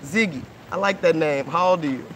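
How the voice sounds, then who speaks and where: This livestream host, a man in his thirties, has a fairly high, fairly bright voice and talks fairly quickly. Outdoors by a pool, he speaks into a phone and chats casually with kids, earnestly coaxing them with frequent "okay?" and "right?" against slight background noise.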